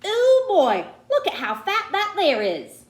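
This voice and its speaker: A woman's voice: high voice, big pitch swings, normal speed, fairly bright tone, pitched above the performer's own voice. A woman playing a chatty country boy. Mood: eager. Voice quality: drawling country talk, eager and bold. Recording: roomy echo.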